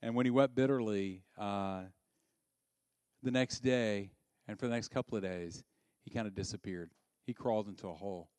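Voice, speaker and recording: A man preaching a sermon in a conversational way, asking the listeners questions and swinging from loud, high bursts to quiet, low passages. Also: normal speed, clean tone, no room sound. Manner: conversational, asks the audience questions.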